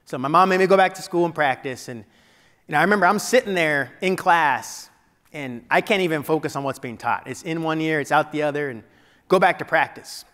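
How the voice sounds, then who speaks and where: A man giving a keynote speech, telling a personal story dramatically and dropping to a hush at painful moments. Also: fairly high pitch, fairly quick. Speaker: keynote speaker. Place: large event hall before an audience. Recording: long hall reverb.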